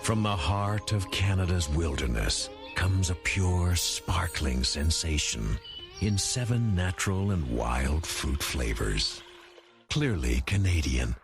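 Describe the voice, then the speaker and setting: A man reading a commercial voice-over with a smooth, sweeping delivery. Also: low voice, animated, slow pace. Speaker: commercial announcer. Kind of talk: advertising voice-over. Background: music.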